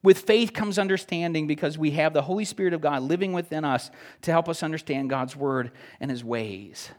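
Impassioned male preacher with a higher voice. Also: brisk. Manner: lively, swings from loud excited retellings to hushed near-whispers. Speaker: pastor. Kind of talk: sermon.

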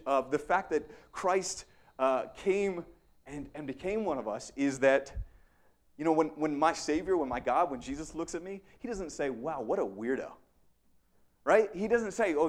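Young male pastor, slightly higher voice, casual sermon delivery with "right?" tag questions. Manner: conversational, self-deprecating, frequent "right?" asides.

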